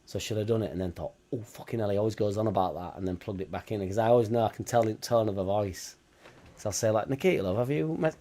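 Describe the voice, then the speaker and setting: A man's voice: on the low side, fast, mellow. A Yorkshire man hosting a casual football watchalong stream, chatting bluntly with viewers, swearing and bantering. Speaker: livestream host.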